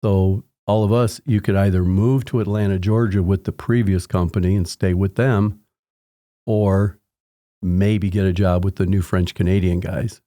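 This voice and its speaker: A man's voice: low-pitched, steady tone, normal speed, warm tone, no echo, studio quality. A man in his sixties, a podcast guest telling long anecdotes in a casual interview, rambling with restarts. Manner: rambling anecdotes with frequent restarts, acting out quoted people in raised voices. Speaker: podcast guest, home inspector.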